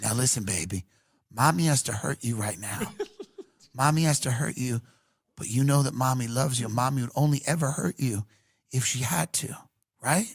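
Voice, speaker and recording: A guy doing a creepy mom voice, dropped way low and hushed, coaxing like a lullaby, dry close sound. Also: normal speed, breathy edge, dry recording. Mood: menacing coaxing. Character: sinister soothing mother, woman, adult.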